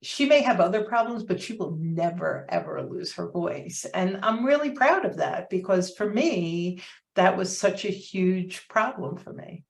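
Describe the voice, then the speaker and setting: A woman's voice: on the low side, lively intonation, measured pace, creaky. A woman in her fifties, a coach, telling her story as an interview guest in an earnest, reflective way, with many fillers.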